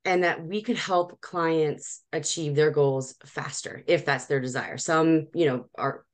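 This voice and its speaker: A woman's voice: low voice, fairly even intonation, unhurried. A woman in her forties, a professional organizer, telling her story in a casual interview with frequent laughs and restarts.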